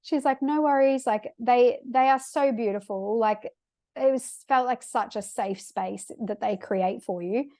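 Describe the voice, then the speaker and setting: A woman's voice: fairly high pitch, unhurried, mellow, dry recording. A young woman hosting a podcast, telling a personal story casually with lots of "like" fillers and moments of emotion. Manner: chatty, frequent "like" fillers, emotional. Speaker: podcast host.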